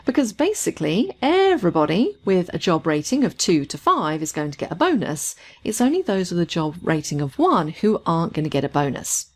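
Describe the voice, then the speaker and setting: Woman, spreadsheet tutor, animated intonation, lowish voice, methodical explaining. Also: a little fast, few pauses. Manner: clear, methodical step-by-step explaining. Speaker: spreadsheet instructor. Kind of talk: screen-recorded software tutorial.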